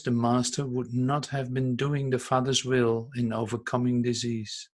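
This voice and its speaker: A man teaching an online spiritual class, reading passages aloud and reflecting on them gently. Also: mid-range voice.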